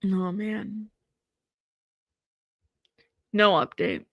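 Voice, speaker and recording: A woman's voice: medium pitch, expressive, very slow, no echo, lo-fi sound. Woman, live-stream host, casual chatty commentary, dry close sound. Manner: chatty, reacting to chat, laughing, exclaiming.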